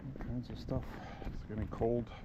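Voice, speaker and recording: A man's voice: mid-range voice, flat delivery, normal speed, dull audio, noisy background. A man talking in a loose, opinionated ramble while walking outdoors on town streets, recorded on a camera strapped to his chest. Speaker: walking vlogger. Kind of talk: casual walking monologue.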